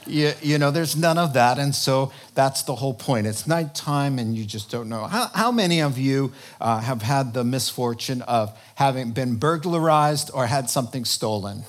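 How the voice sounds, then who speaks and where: A preacher delivering an animated sermon. The preacher jokes, asks the congregation questions and acts out the voices of the people quoted. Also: medium pitch, moderate pace, few pauses. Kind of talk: sermon on end-times prophecy.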